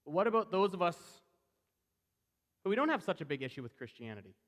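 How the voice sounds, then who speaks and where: A man delivers a sermon in a conversational, animated style, acting out the voices of those he quotes. His voice sits high, he moves at a quick pace, and the sound carries like a big room.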